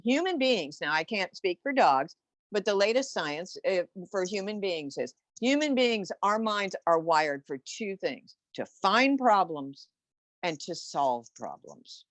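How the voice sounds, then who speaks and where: A woman's voice: medium pitch, very animated, a little slow, no echo. A woman explaining flower essences for animals in a casual podcast, enthusiastic and rambling, often exclaiming as she goes.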